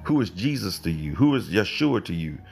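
A man with a low, gravelly voice gives an informal Bible teaching over a livestream, swinging his pitch widely as he talks. He wanders off on tangents, stops to correct himself, and keeps asking pointed rhetorical questions, with soft music underneath. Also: sing-song, fairly quick.

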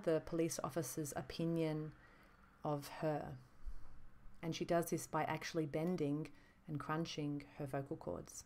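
A woman talks through a lesson on voices, measured and explanatory, often slowing down to stress a point. Her voice is slightly low for a woman. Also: darkish tone. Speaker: voice instructor. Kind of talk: reflective teaching monologue.

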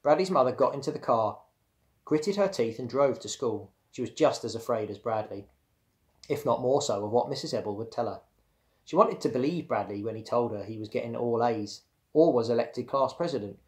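A man, a primary school teacher, reading a children's story aloud in a clear, steady way. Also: medium pitch, normal speed.

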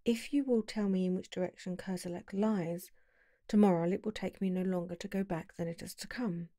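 A woman's voice: lowish voice, steady tone, brisk, warm tone, no room sound, studio quality, close to an everyday voice. A woman reading the lines of a polite, somewhat awkward young male traveler in a plain, earnest way.

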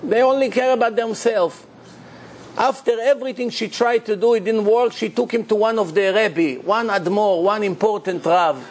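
A man's voice: high-pitched, moderate pace. A man who is a rabbi, giving an emphatic sermon full of rhetorical questions, in loose, non-standard English grammar.

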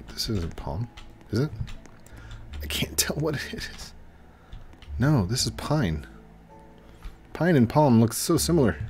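A man's voice: fairly low pitch, darkish tone. A young man hosting a casual game video, chatting in a rambling way and often trailing off and restarting. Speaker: gaming video host. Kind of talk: casual gameplay commentary.

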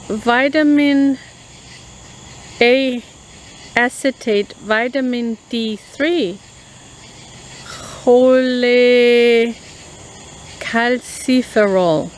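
A woman, chatting casually as a food review vlogger and slowly reading a product label aloud. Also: on the high side, slight background noise, poor audio. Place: outdoors in a rural yard at night.

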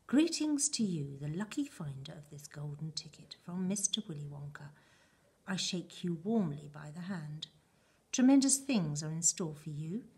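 A woman reading aloud and voicing a grand, eccentric male chocolate maker's letter in a theatrical, husky voice. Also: on the low side, darkish tone, exaggerated voice.

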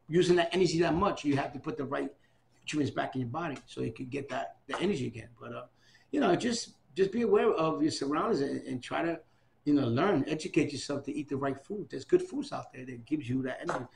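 A man in his fifties in an oral history interview, talking in an excitable, repetitive way and giving out many shout-outs. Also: a little high, fast talker, gravelly, slight background noise. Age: 50s.

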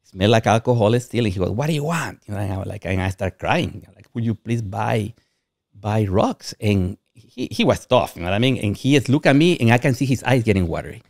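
A man's voice: fairly low pitch, quick pace, gravelly, a little mellow, no room sound, clean studio sound. A man from Guatemala, a podcast guest telling personal stories in a rambling way and often saying "you know what I mean". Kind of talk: candid personal storytelling.

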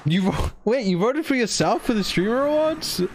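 A man on a live stream talks in a high, bouncy voice that leaps all over the place. His talk is rambling and crude, full of excited asides. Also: normal speed, slight background noise.

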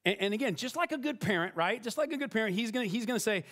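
A man in middle age delivers a sermon from the pulpit, talking to the congregation like friends and tossing in "right?" as he goes. His voice sits high for a man and moves a lot in pitch. He restarts sentences often, laughing at his own faults. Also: lively intonation, fast, hardly any pauses, a bit bright. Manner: conversational, self-deprecating, frequent restarts and "right?". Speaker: pastor.

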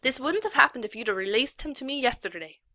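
A woman reading aloud gives voice to a small, fiercely protective lawyer with a Mexican accent. She talks high and loud, sharp with indignation. The tone is bright and dry. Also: expressive, quick pace, dry recording. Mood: indignant.

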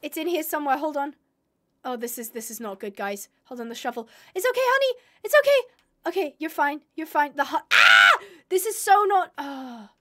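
A woman's voice: sits high, very animated, moderate pace, sharp tone. A young woman streaming a game live, chatting to viewers and gushing and squealing over cute animals.

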